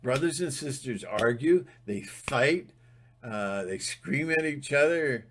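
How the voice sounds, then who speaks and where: Slow, rambling man preaching to camera. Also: medium pitch, expressive, a bit bright. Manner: emphatic, rambling, mocking mimicry. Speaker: spiritual vlogger. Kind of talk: rambling monologue.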